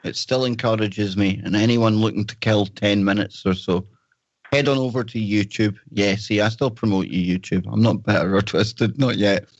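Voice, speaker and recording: A man's voice: fairly low pitch, fairly even intonation, normal speed, dull audio. A man from the north of Scotland with a Scottish accent, hosting a podcast in a joking, rambling chat. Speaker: host.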